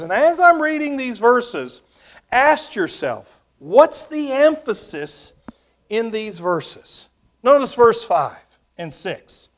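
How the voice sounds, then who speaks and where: Male preacher, high and animated delivery, reads scripture, dramatic quiet drops. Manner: dramatic swings from loud emphasis to near-whispers; reads scripture aloud in King James wording. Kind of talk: sermon with scripture reading.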